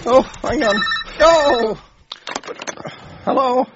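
An actor playing a pompous, fussy, gadget-obsessed agency boss with a high, creaky, prissy voice in a radio comedy sketch. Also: male voice, drawn-out words, fairly bright tone, muffled recording, a little hiss or hum, full character voice. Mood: flustered. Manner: pompous and officious.

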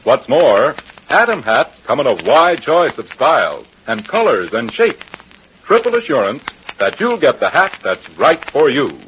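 Man as old-time radio announcer, animated pitch, dull broadcast sound. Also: measured pace. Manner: smooth, salesy. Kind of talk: 1940s radio advert read. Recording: lo-fi old radio with faint hiss.

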